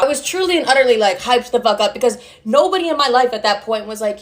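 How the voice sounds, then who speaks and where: Blunt, fast-swearing young woman. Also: a little high. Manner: animated, blunt, heavy swearing. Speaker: storyteller. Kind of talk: casual storytime.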